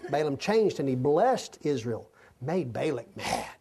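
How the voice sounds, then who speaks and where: Unhurried and mellow, with a breathy edge, a male preacher speaks at medium pitch with big pitch swings. He's giving an expository sermon, reading scripture aloud and breaking into folksy, conversational asides.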